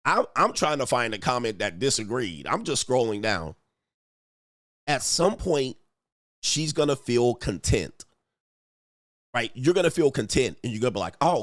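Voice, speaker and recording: A man's voice: mid-range voice, no echo, clean studio sound. A man giving casual relationship-coach commentary on online comments, blunt and profane, mimicking the men he quotes.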